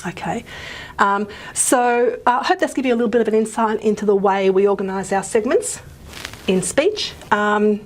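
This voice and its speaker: Woman lecturer, relaxed and chatty, keeps asking "okay?", faint hiss behind. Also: mid-range voice, normal speed. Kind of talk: phonetics lecture.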